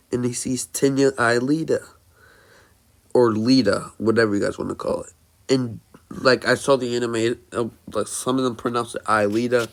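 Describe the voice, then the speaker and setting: Guy making up a fan story as he goes, slow, lots of ums and restarts. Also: medium pitch. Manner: halting, many fillers and restarts. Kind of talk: improvised fan-fiction narration.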